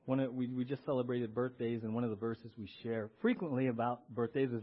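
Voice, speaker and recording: A man's voice: medium pitch, animated, fast, few pauses. A male pastor preaching a conversational sermon, often checking in with the congregation and having them respond. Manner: conversational, tags lines with "right?" and has the congregation respond. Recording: dull lo-fi recording.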